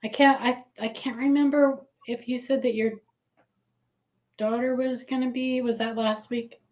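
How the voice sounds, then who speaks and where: A woman hosting a casual live stream, giggly and excitable, greeting viewers by name. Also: a little high, unhurried, muffled recording.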